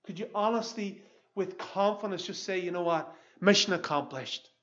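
A man's voice: high-pitched, normal speed, a bit bright, muffled recording. A pastor in his fifties preaching an earnest, emphatic sermon. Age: 50s.

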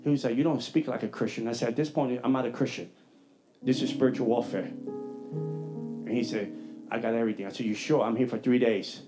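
A man preaching a testimony sermon, telling his story in an animated way and acting out his own dialogue. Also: mid-range voice, brisk, long pauses, music in the background. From New York.

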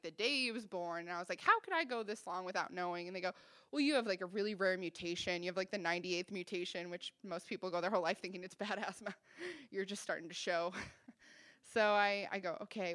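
A woman's voice: mid-range voice, bright, forceful tone, no echo, studio quality. A woman in her twenties telling a funny personal story on stage, acting out the dialogue with self-deprecating humor.

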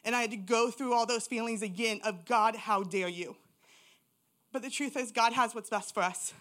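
A woman's voice: a little high, fairly quick, a bit bright. Candid woman sharing her testimony. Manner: raw, candid storytelling. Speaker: church member giving testimony. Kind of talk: personal testimony in church.

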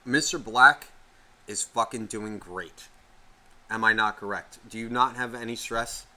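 A man co-hosting a podcast, ranting with constant swearing and sudden loud outbursts. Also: on the low side, measured pace. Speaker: podcast co-host. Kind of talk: casual podcast rant.

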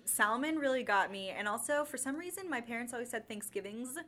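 Bright-pitched young woman with chatter behind. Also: lively intonation, quick pace. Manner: agreeable, frequent backchannels. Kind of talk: casual chat.

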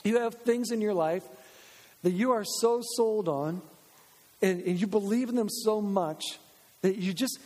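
A man preaching a sermon as pastor, energetic and repetitive, restating his points for emphasis. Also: high voice, unhurried, in a large hall. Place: church sanctuary.

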